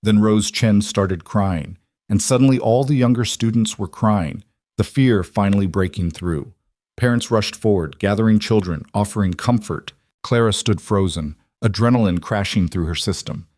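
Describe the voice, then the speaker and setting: A male narrator reading a dramatic scripted story in a measured way. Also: lowish voice, a little mellow, no echo, studio quality.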